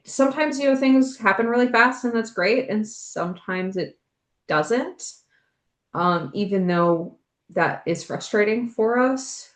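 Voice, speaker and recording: A woman's voice: mid-range voice, roomy sound. A woman co-hosting a podcast, speaking in a reassuring, reflective way with frequent fillers. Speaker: podcast co-host. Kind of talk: casual chat.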